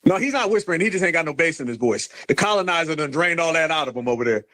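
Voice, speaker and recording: This American livestream host speaks in a fairly high-pitched voice with lively intonation. During a heated argument, he mocks and taunts a guest, firing off loud, rapid insults.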